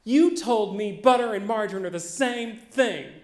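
A man voicing his outraged, cocky teenage self, high and shouting, in a live story. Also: normal speed, natural voice. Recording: echoey live venue.

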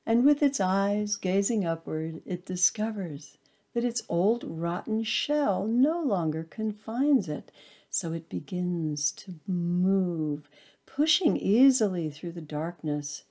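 A woman reading her own short story aloud, with a soft, hushed storytelling manner. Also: mid-range voice, lively intonation, slow pace. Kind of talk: storytelling narration.

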